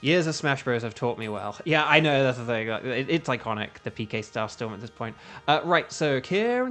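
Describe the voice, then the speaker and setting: A man's voice: mid-range voice, animated, a little fast, fairly bright tone, faint music behind. A young English man chatting casually with his stream chat while playing a game, rambling and humming to himself between moves. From England. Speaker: gaming streamer.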